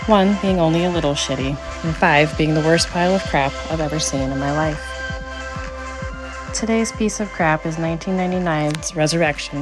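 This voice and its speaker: A middle-aged woman hosting a podcast, recapping a bad movie with snarky, mocking commentary and sudden high jumps for the jokes. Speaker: podcast host.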